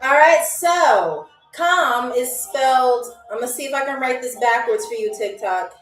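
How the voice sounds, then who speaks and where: A high-pitched young woman hosts a live-stream trivia game, encouraging the viewers in the chat and peppering her talk with "okay?" and "all right?". She sounds roomy and set back from the mic, with faint music underneath. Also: animated, a little slow, distant mic. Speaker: game show host. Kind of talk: live-stream hosting, reading viewer comments.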